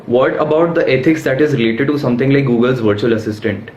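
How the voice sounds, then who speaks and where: A man's voice: medium pitch, quick pace, a little mellow. A man hosting a live session, politely reading out audience questions to his guest. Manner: polite, addresses guest as sir. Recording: roomy lo-fi live stream with faint noise.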